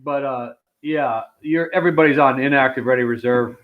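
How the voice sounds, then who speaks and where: A man's voice: medium pitch, brisk. A man chatting casually as co-host, explaining things in an easygoing way with a few restarts. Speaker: co-host, military veteran. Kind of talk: casual chat. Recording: tinny phone-like sound.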